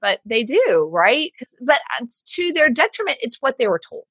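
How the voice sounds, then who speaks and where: A Southern woman from Houston, Texas, a business coach, talks at a moderate pace in a slightly high, husky voice on a dry recording. Chatting casually on a podcast, she's an animated storyteller with a Southern American accent who acts out the voices of people she quotes.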